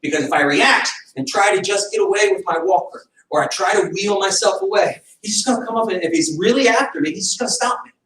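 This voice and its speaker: A male martial arts instructor teaching a self-defense class, animated, acting out fight scenarios with sudden shouts. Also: high-pitched, fast talker, hardly any pauses, slight background noise. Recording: echoey room from far off.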